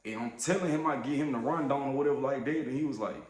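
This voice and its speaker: A man who drives trucks tells a story in a casual rant, heated and profane, getting louder and sharper when riled. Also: mid-range voice, quick pace, reverberant.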